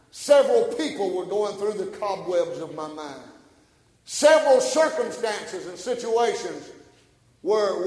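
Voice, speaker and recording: High-voiced preacher in an echoing hall. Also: male voice. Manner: builds to shouted passionate bursts, then drops quiet. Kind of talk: sermon.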